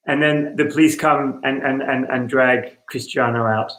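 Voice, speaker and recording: A man's voice: mid-range voice, fairly even intonation, moderate pace, hardly any pauses, fairly bright tone, echoey room, rough recording. A man playing a tabletop role-playing game over a video call, often correcting himself and apologizing with a laugh. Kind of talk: casual role-play chat.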